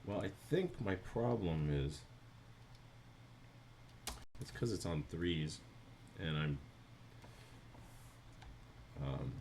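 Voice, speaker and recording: A man's voice: low-pitched, lively intonation, very slow, creaky, pauses often, a little mellow, slight background noise. A man with a New Jersey accent, chatting casually on a live stream while he animates, thinking aloud and answering viewers.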